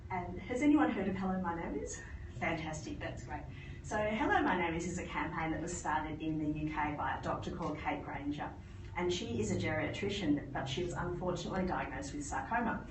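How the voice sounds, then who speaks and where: A woman, a palliative care doctor, giving a lively conference talk and telling stories. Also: sits low. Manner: lively anecdotal storytelling. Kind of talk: conference presentation. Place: conference hall. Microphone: phone recording from the audience. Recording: echoey hall from far off, noisy.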